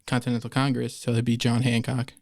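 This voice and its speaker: A man's voice: mid-range voice, completely flat delivery, fairly quick, a little mellow, no room sound. A man appearing as a guest on a trivia podcast in a studio, reasoning in a matter-of-fact way. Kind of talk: casual chat.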